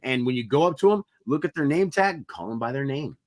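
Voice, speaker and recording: A man's voice: medium pitch, lively intonation, fast talker. A man co-hosting a podcast, talking in an earnest, reflective way with some mild swearing in a casual motivational chat. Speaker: podcast co-host.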